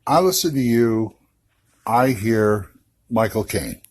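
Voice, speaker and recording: Friendly older guy, husky, leaving a chatty voicemail. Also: lowish voice, lively intonation, slow pace. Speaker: caller. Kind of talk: voicemail message.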